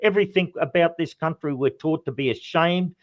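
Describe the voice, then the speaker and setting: Australian male guest, emphatic and repetitive, fairly high voice, dry recording. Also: a little fast, no echo, highs cut off. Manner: emphatic, repeats phrases, calls others mate. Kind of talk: impassioned political talk.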